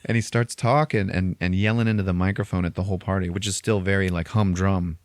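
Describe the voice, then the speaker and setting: Young man, podcast host, lowish voice, animated, profane, dry close sound. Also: fast talker, no echo. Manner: animated, profane, laughing, acts out lines. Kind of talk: casual chat retelling a movie.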